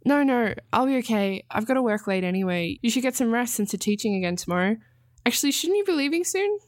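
A woman's voice: on the high side, expressive, quick pace, a little mellow, no room sound, studio quality, voice pushed up, natural voice. A woman voicing Danny, a tired, kindly orphanage director. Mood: hesitant.

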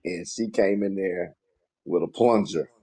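Deep husky Southern man, low-key. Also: measured pace, mellow. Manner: low-key, mumbled, crude slang. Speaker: podcast co-host. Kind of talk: casual storytelling chat.

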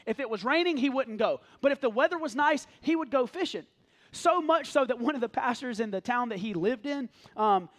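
A man, preaching a conversational, joking sermon to his congregation. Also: very high voice. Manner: animated, conversational, jokes with congregation. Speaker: pastor. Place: church sanctuary.

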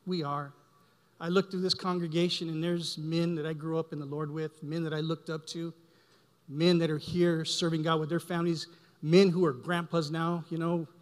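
A man's voice: a little high, level tone. Emotional man testifying in a reverberant church. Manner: halting, repeats words, emotional. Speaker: church minister giving a testimony. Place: church sanctuary. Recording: long hall reverb.

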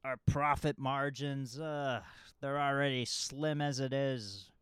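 A man playing a greedy manor owner who waves off every complaint with loud scorn. the voice is smooth and the recording dry, and he speaks slowly. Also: mid-range voice, fairly even intonation, no room sound, voice pushed up. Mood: scoffing. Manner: scoffing, brushing off worries.

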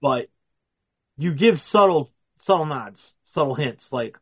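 A man co-hosting a casual film commentary podcast, talking in a rambling, profane, excitable way. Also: mid-range voice, normal speed, husky, muffled recording. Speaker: podcast co-host.

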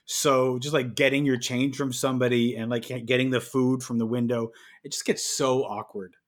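A man co-hosting a podcast, telling stories in a casual, animated and exasperated way. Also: medium pitch, normal speed. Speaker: podcast co-host. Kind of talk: casual chat.

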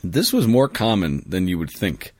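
A man co-hosting a casual talk show, joking and jumping in with quick asides. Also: deep voice, very animated, a little mellow, no room sound, clean studio sound. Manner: jokey, interjecting, quick asides. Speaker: podcast co-host. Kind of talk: casual chat.

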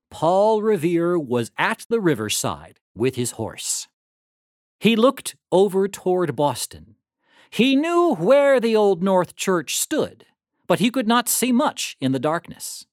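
Slow expressive storybook reader, swoops up and down a lot, super dry close sound. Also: mid-range voice, no room sound. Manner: lively, dramatic read-aloud. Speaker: narrator. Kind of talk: storybook reading.

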